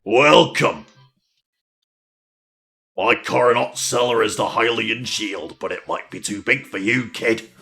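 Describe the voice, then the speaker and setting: A man doing a gravelly drawling shopkeeper. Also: medium pitch, slow, pauses often, pushed and bright, pitched below the performer's own voice, heavily acted. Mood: welcoming. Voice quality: merchant accent put on, gravelly. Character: gravelly male bazaar shopkeeper, slow.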